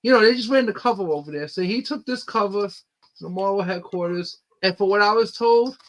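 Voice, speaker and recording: An independent comic book creator, appearing as a guest on a casual podcast, eagerly tells stories and rambles with lots of fillers. His voice is high-pitched and a little fast, and the recording is rough.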